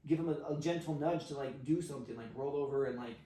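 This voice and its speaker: A man, a podcast guest, telling an animated story, acting out quotes with frequent laughs and fillers. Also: mid-range voice, quick pace. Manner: excitable, acts out quotes, laughs often, filler-heavy. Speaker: podcast guest, sexual healer. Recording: roomy, distant from mic.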